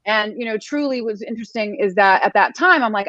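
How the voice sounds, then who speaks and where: A woman's voice: medium pitch, a little fast, a bit bright, no room sound. Earnest woman host, dry muffled audio. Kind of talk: casual interview chat.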